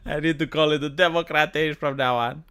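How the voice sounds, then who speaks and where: A woman's voice: sits low, smooth. A woman with a Montreal accent ranting profanely to her live-stream audience. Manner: profane, exasperated, fast and animated. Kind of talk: casual live-stream rant.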